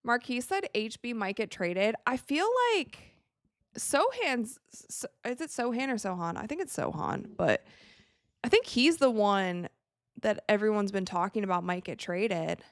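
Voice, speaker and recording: Speaking a little slowly at medium pitch, a young woman hosts a livestream and chats casually about the game. She reacts to the plays with animation, and her audio is close and dry without echo.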